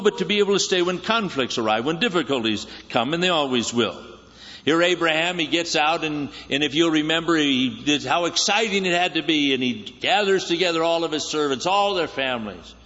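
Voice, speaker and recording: A man preaches a sermon in a church sanctuary, his voice sitting high for a man. He keeps it conversational, teasing his listeners and asking them questions. The sound rings through a reverberant hall and comes across slightly muffled. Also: a bit bright. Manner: joking, conversational, quizzes the congregation. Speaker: guest preacher.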